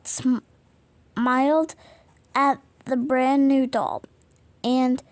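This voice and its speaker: A woman's voice: fairly high pitch, slow. A woman reading a children's storybook aloud, stumbling over words and apologizing often, with the hiccups. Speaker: reader.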